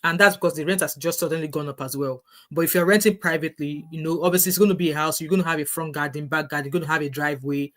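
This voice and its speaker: A middle-aged woman with a Nigerian English accent vlogs casual advice in a low, steady voice, racing along with few pauses. She is earnest and repetitive, often restarting her sentences.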